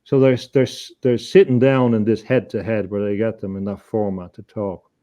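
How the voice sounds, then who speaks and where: A man, a guest on an interview show, telling a story in an earnest, halting way, often repeating words as he thinks. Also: on the low side, steady tone, muffled recording. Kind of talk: conversational storytelling.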